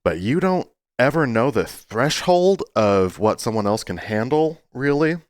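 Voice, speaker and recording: A man talking to his viewers in a casual, rambling way, earnest but playful, with sudden jumps into a high voice. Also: big pitch swings, measured pace, dry recording, clean studio sound. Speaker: YouTuber. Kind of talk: casual talking-to-camera monologue.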